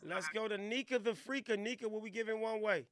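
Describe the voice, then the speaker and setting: A man's voice: high-pitched, brisk, fairly bright tone, a little hiss or hum. A man hosting a podcast, playful and teasing in slangy casual chat. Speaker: podcast host.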